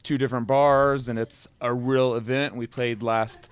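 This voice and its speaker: A man, a guest musician and advice columnist, chatting in a rambling, deadpan way and laughing at his own jokes. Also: medium pitch, moderate pace, clear, resonant tone. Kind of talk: casual live talk-show chat.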